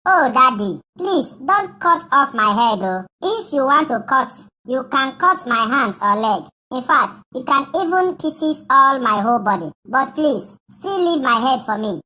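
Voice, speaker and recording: A woman's voice: high voice, very animated, a little slow, few pauses, bright, forceful tone, full character voice. A woman voicing a silly lovestruck teenage boy, goofy and pleading.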